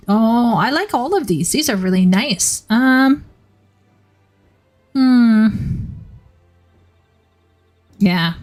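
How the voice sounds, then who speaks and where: A woman's voice: on the high side, animated, slow pace, pauses often, a little mellow, faint music behind. A woman streaming a game, chatting casually with giggly, chatty asides. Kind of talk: casual gameplay commentary.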